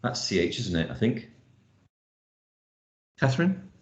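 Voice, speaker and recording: A man's voice: medium pitch, sing-song, unhurried, echoey room. A man teaching an online lesson on phonics, thinking aloud with fillers and spelling out letters as he explains. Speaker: lecturer.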